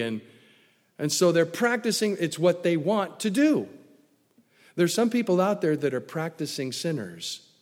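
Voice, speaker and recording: A man preaching a sermon emphatically, swinging from loud declarations to hushed lines. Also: on the high side. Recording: long hall reverb.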